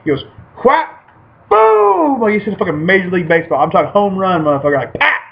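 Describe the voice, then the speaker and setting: A man co-hosting a podcast and telling stories in a loose, profane, animated way. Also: high-pitched, fast, gravelly. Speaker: podcast co-host. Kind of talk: casual podcast chat. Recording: muffled lo-fi with faint hiss.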